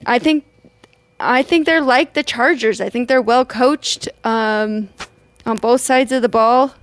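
A woman co-hosts a sports talk show in a fairly high voice. Her sound is dry and close, and she gives measured opinions, hedging them often. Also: dry recording. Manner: measured, hedges with "I think". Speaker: co-host.

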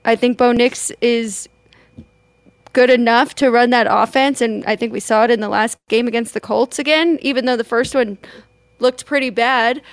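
A woman co-hosting a sports talk show, giving measured opinions and hedging often. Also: fairly high pitch, steady tone, no echo. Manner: measured, hedges with "I think". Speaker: co-host.

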